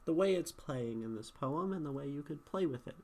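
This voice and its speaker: A man's voice: on the high side, animated, a little fast, a little mellow. A man streaming live, critiquing a viewer's poem casually, thinking aloud and checking in with chat. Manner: thinking aloud, asks chat questions with many "right?"s.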